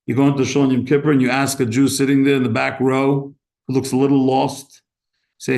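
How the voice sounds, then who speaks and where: A man preaching as a rabbi, animated and impassioned, acting out short exchanges as he speaks. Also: medium pitch, fairly quick, vocal fry. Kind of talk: sermon. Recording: echoey room.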